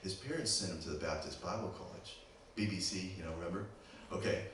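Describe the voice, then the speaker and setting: Man with Pittsburgh accent, lowish voice, sermon storytelling, very echoey distant church sound, background noise. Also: quick pace. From Pittsburgh, USA. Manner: animated, keeps checking in with the audience. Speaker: guest preacher. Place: church sanctuary.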